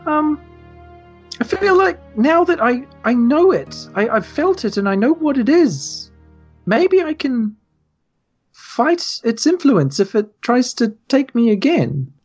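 A woman's voice: high voice, very animated, slow, darkish tone, slightly rough, lo-fi sound, soft background music, heavily acted. A woman voicing a shaken woman just freed from possession, talking hesitantly and stammering. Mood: uneasy.

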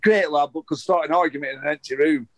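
A man's voice: fairly high pitch, quick pace, a bit bright. A man, a former footballer, telling rambling anecdotes in a casual interview, swearing heavily and restarting his sentences often.

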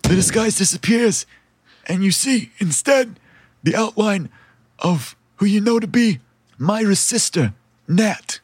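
A man narrating as game master in a relaxed, chatty, laid-back way. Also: sits high, unhurried, husky, no echo.

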